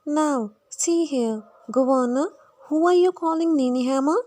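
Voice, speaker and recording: A cheeky young flower girl with a put-on Cockney manner, as a woman reads her part. She comes out high and loud against a mellow, warm voice, and drops her grammar the way a street seller would. It sounds like a classroom reading of a play. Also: a little slow. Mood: indignant.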